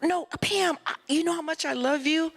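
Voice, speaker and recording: A woman acting out an eager male film director who gushes in rapid-fire bursts while meeting his idol. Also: very high voice, vocal fry, a bit bright, voice pushed up, full character voice. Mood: gushing. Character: eager fast-talking male film director, starstruck fan.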